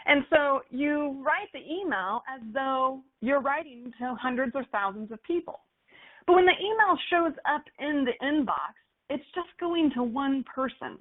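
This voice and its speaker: A woman giving an upbeat, animated lesson on email copywriting for golf courses, using playful examples. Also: high voice, measured pace. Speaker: marketing instructor for golf courses. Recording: phone-like narrow sound.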